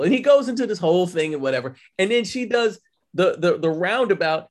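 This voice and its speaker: A man co-hosting a podcast, talking casually about films in a profane, animated way and acting out quotes. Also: sits high, fairly quick. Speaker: podcast co-host. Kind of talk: casual film chat.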